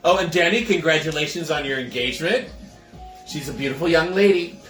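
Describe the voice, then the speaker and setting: A man's voice: fairly high pitch, fairly quick, a bit bright, roomy sound, faint music behind. A man hosting a casual livestream cocktail show from his home kitchen, chatting with viewers, greeting them by name and laughing often.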